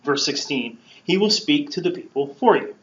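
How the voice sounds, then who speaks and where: As a podcast host, a man gives a casual Bible teaching in a fairly high, expressive voice at normal speed, playfully acting out the quotes in a conversational way. The recording is lo-fi, roomy, and dull.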